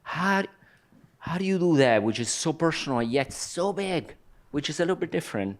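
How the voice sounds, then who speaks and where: A man's voice: fairly high pitch, lively intonation, normal speed. A man film director on a festival panel, searching for words and restarting his sentences often.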